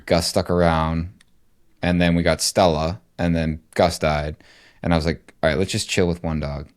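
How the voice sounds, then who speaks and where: A middle-aged man co-hosting a podcast, telling a rambling, animated story in casual chat. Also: low-pitched, normal speed, clear, resonant tone. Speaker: podcast co-host.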